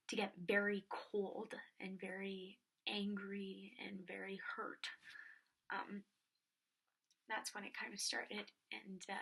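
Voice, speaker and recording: Slow, whispery young woman with vocal fry. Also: medium pitch. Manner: soft, often whispery, with frequent filler words. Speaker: vlogger. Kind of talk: personal storytelling.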